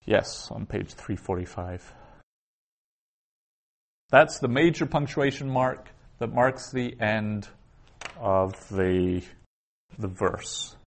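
A middle-aged man teaching a class, explaining slowly and patiently with pauses and fillers. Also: fairly low pitch, gravelly. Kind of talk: classroom lecture.

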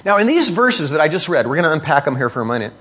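Husky-voiced preacher, rhetorical and expressive. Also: male voice, racing. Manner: expository preaching with rhetorical questions, pitch rising for emphasis. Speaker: pastor. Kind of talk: sermon.

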